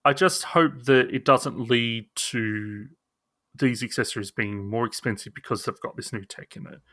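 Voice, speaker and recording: A man's voice: mid-range voice, moderate pace, fairly bright tone, no room sound, studio quality. A man co-hosting a podcast in casual chat, hedging with his opinions, often restarting and sometimes sarcastic. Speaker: podcast co-host.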